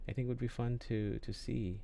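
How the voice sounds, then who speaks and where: A man's voice: medium pitch, level tone, moderate pace, vocal fry, warm tone. A man hosting a podcast in casual chat, hesitant, with many fillers and restarts. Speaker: podcast host.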